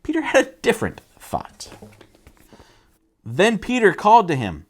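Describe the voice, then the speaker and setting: A man's voice: fairly high pitch, huge pitch swings, a little slow, long pauses, husky. A man giving a casual Bible teaching sermon. He asks rhetorical questions and acts out the quotes. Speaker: church teacher.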